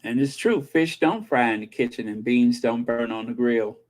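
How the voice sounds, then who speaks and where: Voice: mid-range voice, normal speed, darkish tone. A channel host chatting casually, opinionated and breaking into snatches of old TV theme songs. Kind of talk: casual chat.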